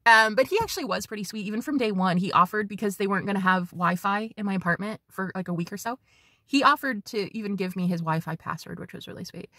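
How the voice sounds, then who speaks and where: A woman tarot reader giving a casual spiritual reading, chatty and animated, swearing freely as she talks to her viewers. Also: mid-range voice, fast, no room sound, studio quality.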